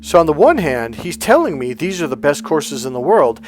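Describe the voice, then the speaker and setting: A man's voice: a little high, very animated, normal speed, darkish tone, faint music behind. Blunt, emphatic male dating coach. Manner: repeats words for emphasis. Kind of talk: storytelling monologue.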